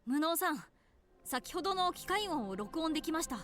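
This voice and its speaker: A woman's voice: high-pitched, very animated, very fast, a bit bright. A woman voicing a polite, formal young male tech expert in a game, with game music behind.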